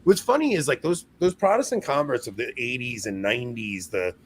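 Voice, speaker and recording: A man's voice: medium pitch, animated, a little fast, slight background noise. A young man co-hosting a podcast in casual chat, rambling and self-mocking with frequent laughs. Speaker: podcast co-host.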